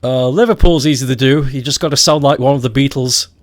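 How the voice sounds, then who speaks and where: A man's voice: mid-range voice, fast talker, no echo. Chatty Scottish man, dry close sound. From Scotland. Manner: joking, laughs often, playful imitations. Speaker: streamer. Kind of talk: casual chat while gaming.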